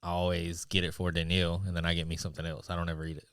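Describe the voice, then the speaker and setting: Fast-talking deep-voiced man on a podcast. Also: monotone, fairly bright tone, smooth, no room sound, studio quality. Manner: storytelling, rambling. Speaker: podcast co-host. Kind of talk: casual chat.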